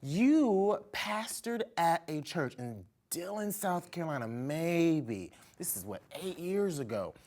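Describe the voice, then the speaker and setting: A woman hosting a talk show, telling stories in an excitable, animated way. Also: lowish voice, takes it slowly, hardly any pauses. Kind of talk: casual chat.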